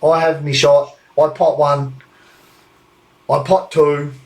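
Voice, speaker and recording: An Australian man in his young adult years tells a story on a live podcast. He is animated and swears freely, laughing between lines, and his voice sits a little higher than most men's. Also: slow, poor audio. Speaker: podcast co-host.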